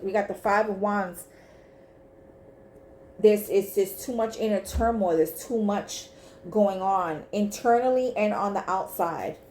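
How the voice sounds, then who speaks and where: With a warm, mid-range voice, a woman reads tarot casually to camera, swearing freely and speaking bluntly and emphatically. There's a little hiss or hum, and the room is echoey with faint ambience.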